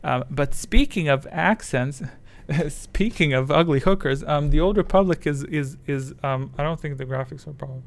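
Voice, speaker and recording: A man's voice: on the high side, normal speed, creaky, few pauses. A man chatting casually on his livestream, rambling and self-deprecating as his thoughts wander. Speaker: streamer.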